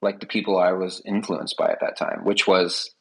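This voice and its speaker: A man's voice: deep voice, little pitch movement, moderate pace, poor audio. A man speaking as a podcast guest, talking earnestly and with many fillers in a casual conversation.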